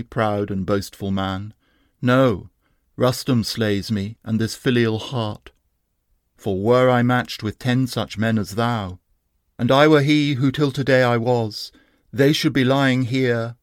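A man reading a defiant young wounded warrior's speech in a slow, measured, archaic declaiming manner. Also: medium pitch, dry recording, clean studio sound, natural voice. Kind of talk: poetry reading.

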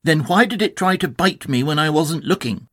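A man's voice: animated, normal speed, a bit bright, no echo, clean studio sound. A man voicing a cheerful, bouncy young male tiger in a storybook reading, eager and boastful. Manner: eager, boastful, high-spirited.

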